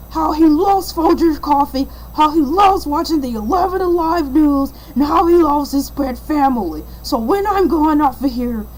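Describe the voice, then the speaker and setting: A woman's voice: high voice, slight background noise, rough recording. A woman voicing a boastful talking shark who fills in as livestream host, chatting in a rambling way. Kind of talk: rambling livestream in-character patter.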